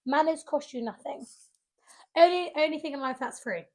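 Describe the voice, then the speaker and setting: A woman's voice: sits high, moderate pace. A young woman, co-hosting a casual podcast and ranting emphatically about bad manners. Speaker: podcast co-host. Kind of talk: casual chat.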